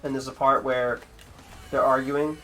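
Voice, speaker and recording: A man's voice: medium pitch, level tone, a little slow, fairly bright tone, faint music behind. A man streaming a speedrun, chatting offhandedly with his viewers and swearing freely as he rambles. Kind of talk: casual chat with stream viewers while gaming.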